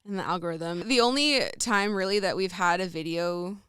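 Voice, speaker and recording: Young woman, giggly chatty guest, smooth clear voice, dry close sound. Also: fairly low pitch, moderate pace, a bit bright, no echo. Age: young adult. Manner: giggly, chatty, lots of fillers. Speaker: podcast guest, singer. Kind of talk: casual chat.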